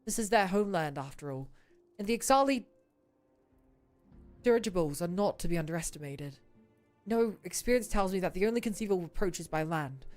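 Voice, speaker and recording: A woman's voice: lowish voice, lively intonation, a little mellow, soft background music, voice pushed down, close to an everyday voice. Alphinaud, a woman voicing a formal young scholar. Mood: resolute. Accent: British (put on). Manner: formal, measured, old-fashioned diction. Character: earnest young male scholar-diplomat.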